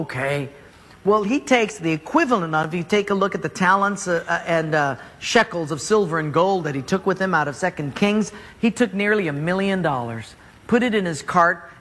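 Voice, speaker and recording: A man's voice: high-pitched, sharp tone. A man preaching a sermon, retelling a story with humor and acting out the characters in voices. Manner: acts out characters with voices, jokes with the congregation. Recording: hall reverb.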